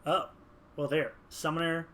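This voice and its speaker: A man's voice: fairly high pitch, measured pace, a little hiss or hum. A man chatting casually while building a game character, rambling with lots of fillers. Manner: rambling, filler-heavy, animated. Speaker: gaming video creator.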